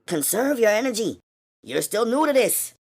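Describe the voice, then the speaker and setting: A man voicing a tough young superpowered woman, speaking fast and high in a cautioning way. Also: big pitch swings, creaky, slightly rough, full character voice. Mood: warning.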